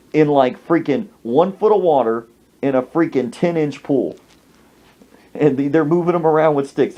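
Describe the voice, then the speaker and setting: Male podcast host, comic storyteller, exaggerated delivery, very lively pitch, muffled lo-fi sound. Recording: dull lo-fi recording.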